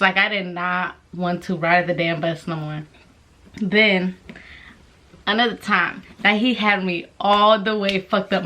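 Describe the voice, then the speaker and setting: A young woman telling a story casually to the camera, swearing constantly and acting out voices with animated energy. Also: medium pitch. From Mexican-American. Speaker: vlogger.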